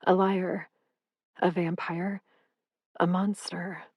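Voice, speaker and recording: A woman narrating a first-person audiobook in a calm, steady way. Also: fairly low pitch, slow pace, no room sound, dull audio.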